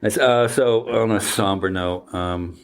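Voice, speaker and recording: A man in his fifties hosting a casual podcast chat, talking haltingly with many fillers and restarts. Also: on the low side. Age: 50s. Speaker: podcast host.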